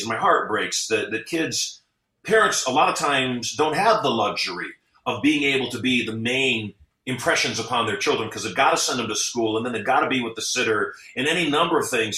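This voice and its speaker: A man's voice: mid-range voice, pushed and bright. A middle-aged man talking as a podcast guest, an earnest storyteller who acts out the people he quotes. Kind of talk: motivational interview talk. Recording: echoey, off-mic sound.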